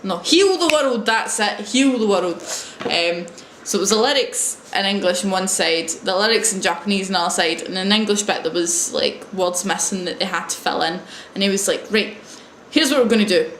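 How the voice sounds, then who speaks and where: A woman's voice: mid-range voice, steady tone, normal speed, hardly any pauses, a bit bright, a little hiss or hum. A young woman telling a wry story in a casual video diary, hesitating with frequent ums. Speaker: English teaching assistant. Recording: roomy echo.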